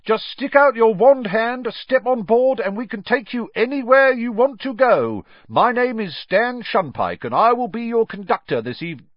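A brash teenage bus conductor who barks out his lines loud, high and full of swagger. The slangy, cocky lad swings his pitch about in a dry, slightly dull audiobook recording. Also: sing-song, normal speed, dry recording.

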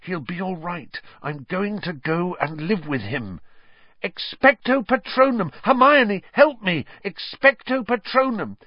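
Man playing a desperate teen boy wizard, shrill strained yells, lively pitch, muffled dry audio. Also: a little slow, hardly any pauses, slightly rough, no echo. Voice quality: high strained yelling. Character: panicked teenage boy wizard, desperate, shouting.

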